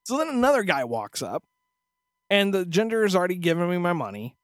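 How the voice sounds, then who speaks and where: A man's voice: sits high, sing-song, fairly quick, no room sound, clean studio sound. A man co-hosting a podcast, telling a story as a profane, exasperated rant in casual chat. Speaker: podcast co-host.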